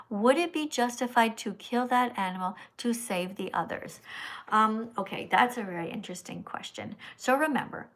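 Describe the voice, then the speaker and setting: A woman hosting a live stream, reading donations aloud and lecturing slowly and bluntly. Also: mid-range voice, fairly bright tone. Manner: blunt, scolding; slow, emphatic lecturing. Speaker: livestream host reading donations.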